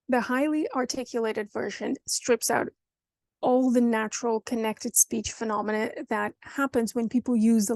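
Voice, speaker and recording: A woman with a European Portuguese accent teaches pronunciation in a video lesson. Her voice sits fairly high and comes across dry, with almost no room sound. She explains things plainly and speaks straight to the learner. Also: a little mellow, dry recording. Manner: explanatory, direct, addresses the learner. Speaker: language teacher.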